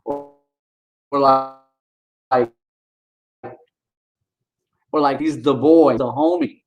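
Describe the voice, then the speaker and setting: A man's voice: medium pitch, drawn-out words, lo-fi sound. A man vlogging, ranting indignantly and talking straight to his viewers in a casual way. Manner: indignant, animated, talks to viewers directly.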